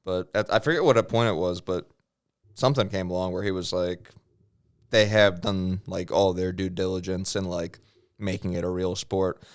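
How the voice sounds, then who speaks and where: A man's voice: low-pitched, steady tone, moderate pace, no echo, clean studio sound. A man co-hosting a casual podcast, telling crude stories and acting out quotes. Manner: storytelling, crude jokes, acts out quotes. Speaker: podcast co-host. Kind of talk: casual chat.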